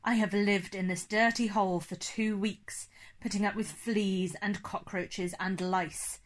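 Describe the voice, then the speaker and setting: A woman's voice: medium pitch, fairly even intonation, measured pace, lightly acted. A woman reading an audiobook, voicing a formal, commanding old male vampire who speaks stiffly and precisely, without contractions. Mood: impatient.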